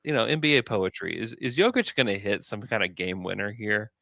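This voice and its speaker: A man co-hosting a podcast in casual sports chat, animated and chatty. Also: on the low side, fairly quick, creaky, no room sound, clean studio sound. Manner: animated, chatty, lots of fillers. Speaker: podcast co-host.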